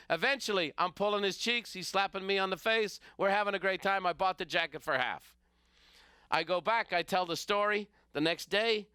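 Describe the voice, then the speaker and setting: A middle-aged man with an Irish accent tells stories for a motivational business podcast, acting out the characters as he goes. His voice sounds bright and crisp. The recording is close and dry. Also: a little high, no echo. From Ireland. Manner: animated storyteller who acts out characters. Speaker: business coach and podcast host. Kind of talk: storytelling motivational talk.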